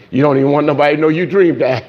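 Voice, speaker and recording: A man preaching a sermon, telling a story and acting out the voices of its people, growing loud and high at its peaks. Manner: storytelling, acts out quoted voices, rising loud and high at climaxes. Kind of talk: sermon illustration. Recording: dull lo-fi sound.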